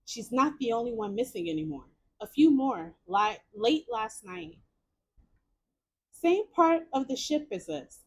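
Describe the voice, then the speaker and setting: Woman voicing a gruff Brooklyn working man. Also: fairly high pitch, sing-song, a little slow, heavily acted. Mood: worried. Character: gruff middle-aged Brooklyn dockhand type, worried husband.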